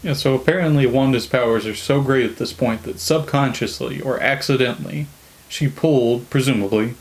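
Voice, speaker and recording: A man co-hosting a casual podcast chat, thinking out loud in a speculative way. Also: mid-range voice, normal speed, rough recording. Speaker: podcast co-host.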